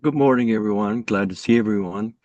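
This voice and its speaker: A man raised in an Amish community introducing himself on a group call, halting and sincere, with many restarts. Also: lowish voice, darkish tone, dry recording, highs cut off. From Amish community, USA. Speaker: truck driver and coach, participant.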